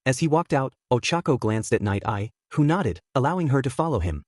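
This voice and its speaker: A man reading fan fiction aloud as a narrator, with lively storytelling intonation. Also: mid-range voice, a little fast, dry recording, clean studio sound.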